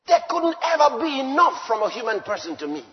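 Male preacher, high voice, emphatic sermon delivery, muffled recording with long hall reverb. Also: sing-song, a little fast, background noise. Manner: emphatic, swinging from loud declarations to low asides.

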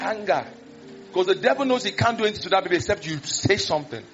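Brief: high-voiced male preacher, lively storytelling sermon. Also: rapid-fire, faint music behind. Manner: animated, acts out scenes, exclamations. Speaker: pastor. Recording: dull lo-fi recording.

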